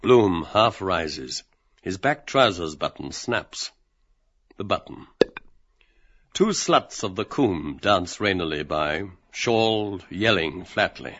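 A male narrator reads the stage directions in a measured way. His voice is deep and dry, and the recording is dull and lo-fi. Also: expressive, a bit bright, dry recording.

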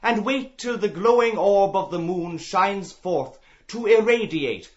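Mocking reciter of florid prose; high, slow, muffled audio. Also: male voice, animated. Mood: mock-grand. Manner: slow, mock-grandiose. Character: mocking middle-aged man reading florid prose aloud.

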